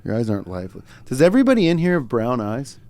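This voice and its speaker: A man hosting a casual comedy podcast tells stories with real animation, his pitch swinging widely. He jumps up to shouted outrage and disbelief, sinks into grumbling asides, swears freely, and speeds up when worked up.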